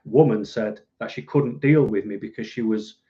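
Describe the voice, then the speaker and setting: A man's voice: fairly low pitch, normal speed, dark tone, highs cut off. A middle-aged man chatting casually on a live stream at home, rambling and self-deprecating as he reads out viewer comments. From United Kingdom.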